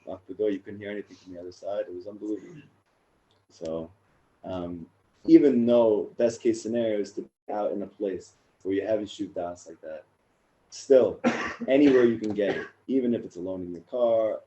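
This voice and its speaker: A man in his thirties, a rabbi, sharing his own story in a casual, animated talk that gets louder and higher in the funny parts. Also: a little fast, a little hiss or hum, poor audio. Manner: animated storyteller, rising and loud in funny moments. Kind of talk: casual personal talk to a group.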